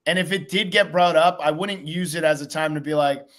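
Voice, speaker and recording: A man hosting a casual podcast chat, talking in an animated, profane way and acting out quotes. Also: on the high side, a little fast. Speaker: podcast host.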